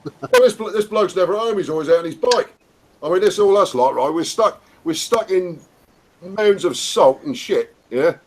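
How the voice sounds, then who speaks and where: A man's voice: high voice, expressive, moderate pace, a little hiss or hum. An English man hosting a casual live stream, rambling and chummy, with the odd swear. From United Kingdom. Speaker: host.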